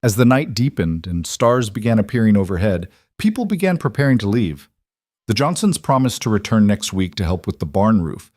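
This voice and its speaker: A man narrating a western story in a steady, measured storytelling manner. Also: lowish voice, no room sound, studio quality. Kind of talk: scripted audiobook narration.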